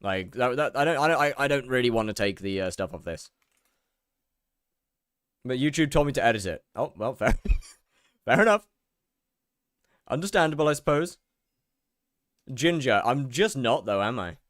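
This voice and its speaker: A man's voice: mid-range voice, expressive, moderate pace, smooth, no room sound, studio quality. A young man chatting casually while he streams a game, rambling, repeating words and answering his chat.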